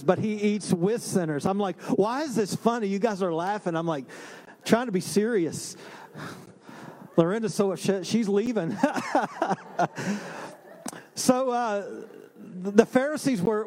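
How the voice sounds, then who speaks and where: A man, a pastor, preaching a sermon in a relaxed storytelling way with self-deprecating humor. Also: high voice. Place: church sanctuary.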